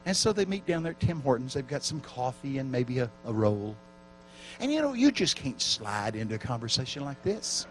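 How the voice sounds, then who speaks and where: A man's voice: mid-range voice, moderate pace, a little hiss or hum, rough recording. A man preaching a sermon at a church camp meeting, telling stories with acted-out quotes. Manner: animated storytelling with acted quotes.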